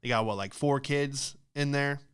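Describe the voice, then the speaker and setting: A man talks in a loose, profane podcast rant, peppering everything with "dude" and "like". His voice is smooth and resonant at a middle pitch. He sounds like a stand-up comic riffing off the cuff. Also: normal speed, fairly bright tone. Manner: profane, ranting, says "dude" and "like" a lot. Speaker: stand-up comedian and podcast host.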